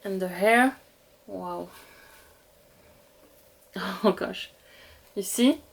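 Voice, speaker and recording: Slow, giggly woman with French accent. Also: medium pitch, creaky. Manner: gushing, giggly, talks to viewers. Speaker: doll collector vlogger. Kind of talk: casual unboxing chat.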